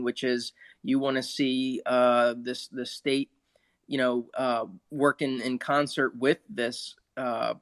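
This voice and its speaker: Measured man talking into a dry mic. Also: mid-range voice, a bit bright, no echo. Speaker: discussion participant explaining the thread. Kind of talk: casual online audio chat. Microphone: phone app audio room.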